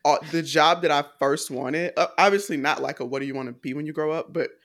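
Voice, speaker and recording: A woman's voice: sits low, steady tone, fast talker. A woman with a Southern US accent co-hosting a film review podcast, talking in a rambling, colloquial way and laughing often. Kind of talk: casual chat.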